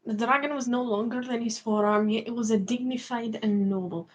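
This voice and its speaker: Woman doing a put-on scottish accent reading from a fantasy book, kinda high voice, a bit stumbly. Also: fairly quick, lo-fi sound.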